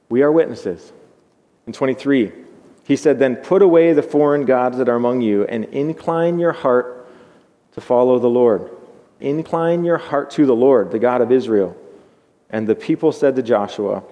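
A pastor giving an earnest, measured sermon, often repeating words as he thinks aloud. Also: mid-range voice, dark tone. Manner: earnest, measured preaching with repetitions. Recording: long hall reverb.

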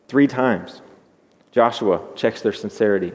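Male pastor, earnest measured sermon, mid-pitched voice, long hall reverb. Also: darkish tone, muffled recording. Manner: earnest, measured preaching with repetitions.

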